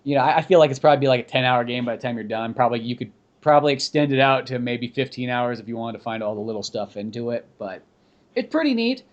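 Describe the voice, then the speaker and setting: A man hosting a podcast, chatting casually in a rambling, animated way full of "like". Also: mid-range voice, fast talker, dull audio. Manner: rambling, animated, heavy use of "like". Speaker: podcast host. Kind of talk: casual chat.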